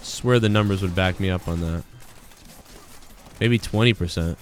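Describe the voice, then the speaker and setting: A man's voice: sits low, normal speed, soft background music. A man chatting casually on a gaming live stream, rambling and getting heated as he retells an argument.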